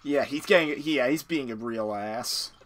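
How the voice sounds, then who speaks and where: A man streaming a game and chatting casually with friends, swearing and yelling in frustration at his play. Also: medium pitch, a little slow. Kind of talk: casual gaming chat with friends.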